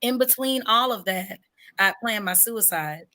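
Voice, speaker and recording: Bright, tense-edged woman singer-songwriter as guest, candid and emphatic storyteller, leans on key words. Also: mid-range voice. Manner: earnest and emphatic, drawn-out words for stress; candid about hard personal struggles. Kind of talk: personal storytelling in an interview.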